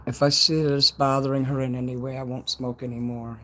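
Outdoors at night, a Chicago-accented man chats on his live stream, rambling loosely and swearing a lot. His voice sits mid-range for a man, slightly bright, with a level tone and a slightly fast pace.

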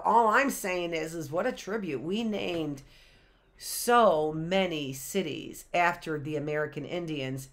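A woman, a teacher reading a picture book aloud to young children on a livestream and wandering into chatty asides and questions. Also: deep voice.

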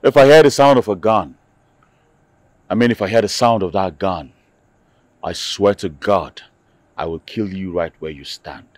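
A man's voice: deep voice, dry recording, close to an everyday voice. An actor with a Nigerian accent playing a defiant young man who vows revenge in a film drama. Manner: defiant, slow and deliberate.

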